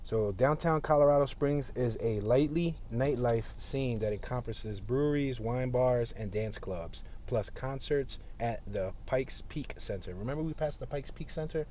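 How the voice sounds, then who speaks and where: A man talks his way through a city drive in an easy, joking running commentary, repeating words for fun. His voice sits at a middle pitch, recorded inside a car with a faint hum of road noise behind him. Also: normal speed, few pauses, mellow. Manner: chatty and playful, jokes and repeats words. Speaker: vlogger narrating a driving tour. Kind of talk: casual running commentary while driving.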